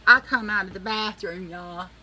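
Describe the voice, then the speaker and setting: Very bright-voiced woman telling a story. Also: medium pitch, moderate pace, poor audio. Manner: animated, profane, acts out the people in her story. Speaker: beauty vlogger. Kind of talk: chatty storytelling while doing makeup.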